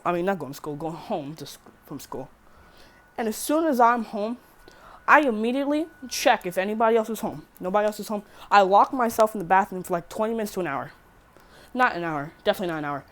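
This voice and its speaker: A teenage girl rambling through a casual storytime vlog, swearing freely and correcting herself as she goes. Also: mid-range voice. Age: teen. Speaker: vlogger.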